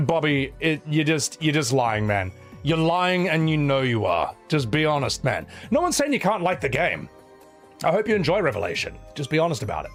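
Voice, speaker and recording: Animated, sarcastic man streaming. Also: a little high. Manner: animated, sarcastic, swears, says "man" a lot. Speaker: streamer reading super chats. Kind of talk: casual live-stream chat.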